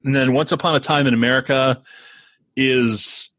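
A man co-hosts a podcast in a casual, rambling chat, full of fillers and restarts. His mid-range voice sounds pushed and bright, with fairly even intonation and a moderate pace. The recording is dry and clean, with studio sound.

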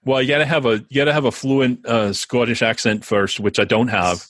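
With a steady, medium-pitched, slightly bright voice, this man speaks fairly quickly while co-hosting a podcast. He rambles casually, leaning on fillers and starting over often. The sound is clean studio audio without echo.

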